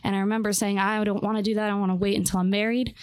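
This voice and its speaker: A woman's voice: mid-range voice, flat delivery, rapid-fire, dry recording. Young woman telling her story, lots of um and you know, dry close sound. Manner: rambling, many fillers and restarts. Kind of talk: personal testimony interview.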